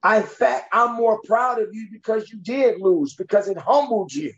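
A man's voice: high-pitched, moderate pace, highs cut off. A man who works as a coach, talking bluntly and emphatically in a conversation and giving tough-love advice. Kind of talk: podcast conversation.

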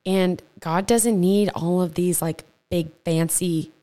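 Low-voiced lady doing a chill faith podcast, earnest, kinda rambly, trips over words. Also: steady tone, takes it slowly, mellow. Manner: chatty and earnest, with stumbles and asides. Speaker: podcast host. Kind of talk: casual faith podcast teaching. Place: home podcast setup.

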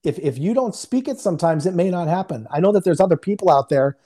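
Warm-voiced man telling a story. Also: sits high, quick pace. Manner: animated, joking, acts out quotes. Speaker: guest minister. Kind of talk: casual storytelling testimony. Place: home in Houston. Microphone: remote video call.

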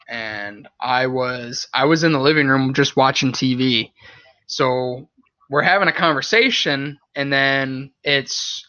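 Bright-voiced young man telling a story. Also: mid-range voice, dry recording, muffled recording. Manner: laughs often, swears casually. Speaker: podcast host. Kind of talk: casual storytelling chat.

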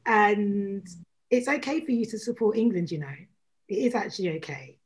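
A woman who is a regular on a podcast panel gives earnest, caring advice. Her voice is husky and slightly breathy. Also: medium pitch, very animated, moderate pace. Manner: earnest, advising. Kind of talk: casual panel chat.

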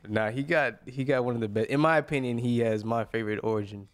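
Young dude on a podcast, mid pitch, lots of um and like, chill. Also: male voice, smooth. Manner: halting, full of fillers like "like" and "um". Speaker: podcast co-host. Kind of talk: casual chat.

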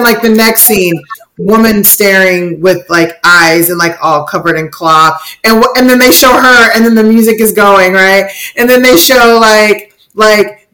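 A woman's voice: mid-range voice, a bit bright, poor audio. A woman co-hosting a podcast in casual, emphatic chat, often slipping into mocking quoted asides. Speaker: podcast co-host.

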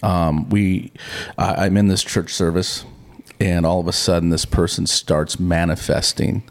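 A man co-hosting a Christian podcast, teaching casually and telling stories in an animated, chatty way that acts out the lines he quotes. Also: sits low, measured pace, vocal fry. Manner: chatty and informal. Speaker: podcast co-host. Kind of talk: casual conversational Bible teaching.

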